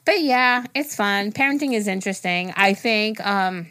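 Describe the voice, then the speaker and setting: A woman's voice: medium pitch, expressive, normal speed, bright, forceful tone, clear, resonant tone, no echo. A woman in her thirties co-hosting a casual podcast, talking frankly about her kids and swearing freely. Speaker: podcast co-host.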